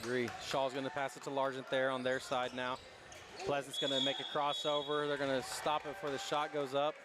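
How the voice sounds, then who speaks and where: A man's voice: medium pitch, monotone, very noisy. Man calling basketball in a busy gym. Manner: rapid running calls of each pass. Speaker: play-by-play announcer. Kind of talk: live basketball play-by-play. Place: high school gymnasium. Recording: gym ambience and bouncing balls.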